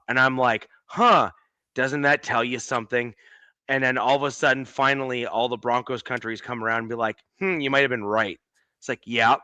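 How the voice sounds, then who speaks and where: Blunt, bright-voiced Canadian man. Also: medium pitch, no echo. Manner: blunt, analytical, opinionated. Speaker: podcast host. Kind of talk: casual sports podcast chat.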